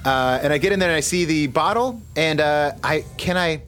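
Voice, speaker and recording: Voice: medium pitch, lively intonation, fairly quick, fairly bright tone, faint music behind. A tabletop player who rambles and stammers while describing actions. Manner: rambling, stammering, laughs often. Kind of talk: playing a tabletop game.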